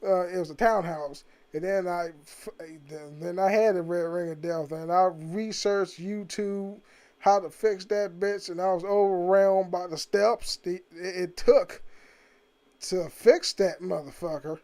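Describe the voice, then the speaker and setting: A man's voice: high-pitched, measured pace, a little mellow. A man vlogging from home about old games in a casual, profane, rambling way, laughing often. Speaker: gaming vlogger.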